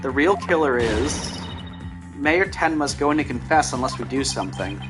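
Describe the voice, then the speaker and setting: A man's voice: medium pitch, animated, normal speed, over music, natural voice. A man voicing a hesitant, stammering young male defense attorney in a courtroom game. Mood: anxious.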